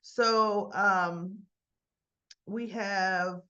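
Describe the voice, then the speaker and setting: A woman's voice: mid-range voice, fairly even intonation, very slow, bright, forceful tone. Chatty lady going over soap episodes from home, rambly, keeps saying right?, kinda dull lo-fi sound. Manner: chatty and digressive, often asks "right?". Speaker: soap opera recap vlogger. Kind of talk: casual episode recap. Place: at home with her dog.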